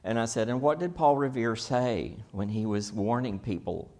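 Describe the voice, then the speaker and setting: A man's voice: medium pitch, normal speed, a little mellow. Man teaching a church Bible class. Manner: asks the class questions, folksy and casual.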